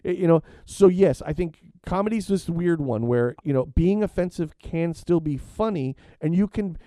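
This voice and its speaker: Middle-aged male podcast co-host, animated and rambling, dark timbre, dry close-miked sound. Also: on the high side, normal speed, dry recording. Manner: animated storyteller, many fillers and restarts. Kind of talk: casual chat.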